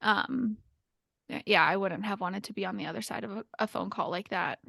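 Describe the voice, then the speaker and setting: A woman's voice: mid-range voice, fairly quick, creaky, sharp tone, no echo, studio quality. Chatty young woman on a podcast. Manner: chatty, lots of "like" fillers; laughs nervously while recounting. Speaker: podcast guest telling a story. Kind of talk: casual podcast chat.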